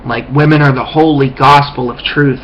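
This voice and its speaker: A man's voice: medium pitch, fairly even intonation, normal speed, a bit bright. A man in a rambling, contemptuous rant to camera, full of restarts and swearing. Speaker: vlogger. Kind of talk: ranting monologue. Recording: dull lo-fi recording with faint hiss.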